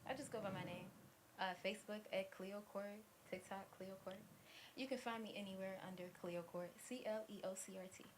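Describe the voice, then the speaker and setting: Hoarse young woman answering openly. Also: medium pitch, fairly quick, noisy background. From Cincinnati. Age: 20s. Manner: warm, open and reflective. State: hoarse, has lost her voice. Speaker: guest musician. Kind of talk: live interview answers.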